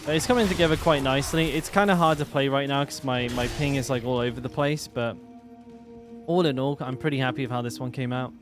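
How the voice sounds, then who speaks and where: A man's voice: mid-range voice, fast talker, music in the background. A man casually commenting while he plays a game on stream, chatting with viewers and swearing now and then.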